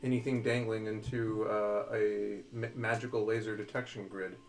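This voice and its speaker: An earnest, stiffly formal warforged played by a man in a tabletop game. He picks his words carefully and pauses with small hesitations. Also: lowish voice, flat delivery, a little hiss or hum, close to an everyday voice. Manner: formal, precise wording with hesitations.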